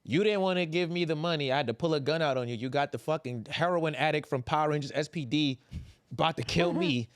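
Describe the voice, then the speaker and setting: A young man talks fast and loose on a podcast, swearing and slipping into the characters' voices. His voice sits a bit high, and the sound is dry and close. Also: no room sound. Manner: animated, profane, acts out quotes. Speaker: podcast co-host. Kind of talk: casual recap chat.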